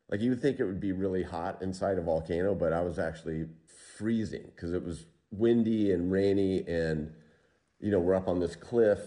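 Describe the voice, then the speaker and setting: Man, low voice, mellow tone, animated storytelling, lots of fillers. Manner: animated, many filler words. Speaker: interview guest. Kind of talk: casual storytelling.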